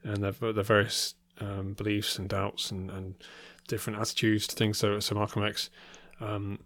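Man, low voice, dry close sound, casual film talk, hesitant, ums. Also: monotone, normal speed, a bit bright, no echo. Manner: hesitant, many ums and restarts. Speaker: podcast co-host. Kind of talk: casual film review chat.

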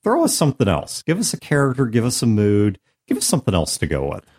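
A man's voice: medium pitch, quick pace, breathy edge. A man hosting a podcast in a recording studio, explaining ideas thoughtfully in a casual way. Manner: thoughtful, explanatory, lively intonation. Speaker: podcast host.

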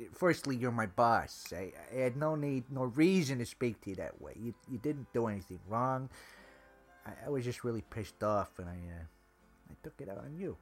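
A man's voice: mid-range voice, close to an everyday voice. A man playing a shy, stammering hotel worker. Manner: hesitant, stumbling.

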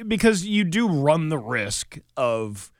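A man co-hosts a morning radio show, chatting casually and rambling, quick to slip into silly voices. His voice sits fairly high and has a sing-song lilt. The studio-quality recording carries no room sound.

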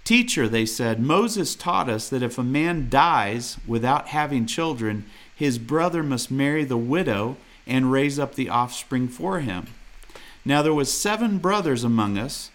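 A man's voice: medium pitch, expressive, unhurried. A man preaching a sermon in an earnest, direct way, reading scripture aloud and challenging listeners with questions. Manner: reads scripture aloud and comments on it.

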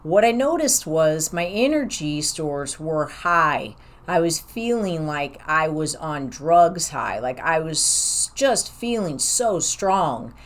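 This low, sing-song voice moves slowly and barely stops for breath as a woman who meets clients in an office rambles openly about her life. She voices the lines she and other people said, in relaxed personal storytelling.

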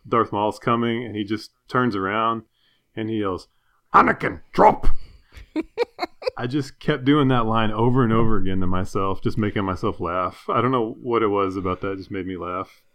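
A man co-hosting a podcast in casual chat, giggling at his own jokes, his voice hoarse. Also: lowish voice, moderate pace, fairly bright tone. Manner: giggly, self-amused. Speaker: podcast co-host.

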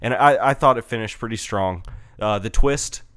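A young man in casual chat, excitedly reviewing a game with lots of swearing and restarts. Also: fairly low pitch, moderate pace, smooth. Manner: excitable, profane, rambling with restarts. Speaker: podcast co-host reviewing a game.

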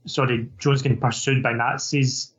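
A man in a casual film chat, giving measured, critical opinions. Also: mid-range voice, flat delivery, fairly bright tone. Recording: dull lo-fi sound.

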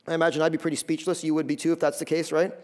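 A man's voice: a little high, flat delivery, rapid-fire, a little mellow. A man preaching a sermon as pastor, emphatic, often repeating a word as he starts a phrase.

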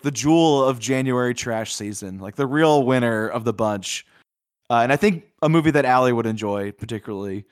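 A man's voice: mid-range voice, no echo, clean studio sound. A man co-hosting a podcast, reviewing films in a loose, chatty way with lots of filler words. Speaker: podcast co-host. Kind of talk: casual film review chat.

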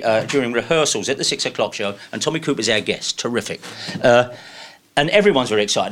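With a lowish voice, a man in his sixties appears as a guest. He shares casual stories animatedly and laughs as he tells them.

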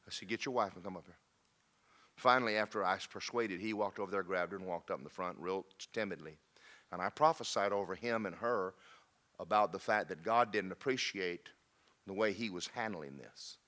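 A man preaching a sermon in a church, telling stories and swinging from loud emphatic peaks to low quiet lines. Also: fairly quick. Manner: storytelling, rising to emphatic peaks then dropping low.

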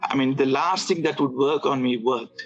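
Male guest, halting storyteller, middle pitch, dull lo-fi recording with faint music behind. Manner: halting, with restarts and filler words. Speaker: guest telling his conversion story. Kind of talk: casual storytelling.

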